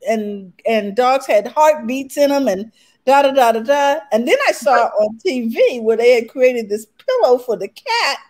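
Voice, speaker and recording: Woman, casual panel chat, high-pitched, conversational. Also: lively intonation, normal speed, darkish tone. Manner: chatty, storytelling, affirming. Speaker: show host.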